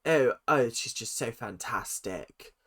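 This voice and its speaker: British guy doing a chatty reaction vid, brightish voice, laughs and copies lines. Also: medium pitch, lively intonation, takes it slowly. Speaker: reaction video host. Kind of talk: casual reaction commentary.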